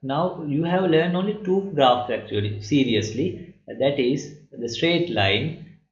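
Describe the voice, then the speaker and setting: A man teaching math in a recorded lecture, explaining slowly and checking in with "right?" again and again. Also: a little high, animated. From Sri Lanka. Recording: lo-fi echoey room.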